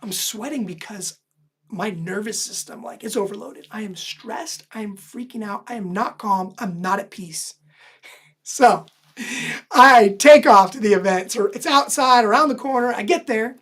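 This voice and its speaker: A woman host animatedly telling a personal story, lively and self-deprecating, laughing often. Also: medium pitch, normal speed, slightly rough. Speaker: host recounting her own stories.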